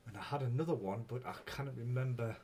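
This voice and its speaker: A man's voice: mid-range voice, fast talker, darkish tone, a little hiss or hum. A man hosting a casual live stream, rambling, swearing freely and chuckling often as he greets viewers.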